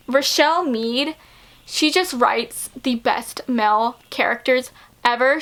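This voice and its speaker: A book vlogger chats casually to camera about books she loves, gushing and giggling along the way. Her voice is high, bright and sharp. Getting excited, she often stumbles over fillers and restarts.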